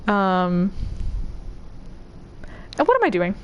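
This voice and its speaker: A woman's voice: mid-range voice, huge pitch swings, slow, lo-fi sound, slight background noise. A woman streaming a video game, chatting casually and rambling with many "like"s and easy laughs. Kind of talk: casual chat while playing.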